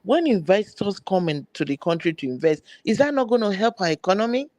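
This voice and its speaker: A woman's voice: medium pitch, very animated, a little fast, darkish tone, dry recording. A woman on a political discussion panel, earnestly defending her view in casual talk.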